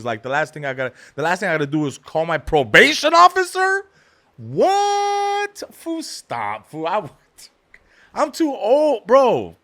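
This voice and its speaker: A man hosting a comedy podcast, telling a story with street slang and acting out every person in it with big swings in volume. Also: fairly bright tone. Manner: acts out every character with big jumps in pitch and volume; street slang, calls people "dog" and "bro".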